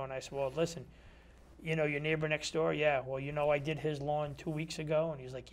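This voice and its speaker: Speaking briskly in a level, somewhat high voice, a Connecticut metal detectorist sits as a guest for a casual interview in a community TV studio. He tells stories, acts out quoted dialogue, and fills his chatty talk with phrases like "you know."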